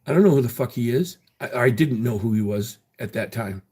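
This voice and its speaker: A man's voice: mid-range voice, a little fast, mellow, breathy edge. A man hosting his own livestream, chatting casually with viewers and answering their comments bluntly, with frequent swearing. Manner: defensive, blunt, swears freely. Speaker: livestream host.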